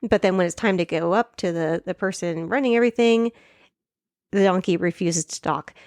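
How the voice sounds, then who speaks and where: A woman co-hosting a podcast, chatting casually about a movie, animated and often laughing. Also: on the low side, normal speed, no room sound, studio quality. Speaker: podcast co-host. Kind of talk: casual chat recapping a movie.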